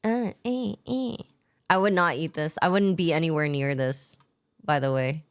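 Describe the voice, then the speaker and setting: A woman's voice: low-pitched, moderate pace. A young adult woman streamer chatting casually with her chat, laid-back, swearing often and laughing a lot. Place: home streaming setup.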